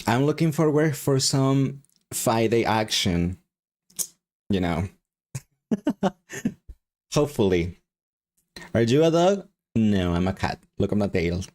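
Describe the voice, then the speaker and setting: A man's voice: mid-range voice, darkish tone. A man with a Mexican accent chatting casually with his live stream chat, rambling and laughing often. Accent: Mexican Spanish.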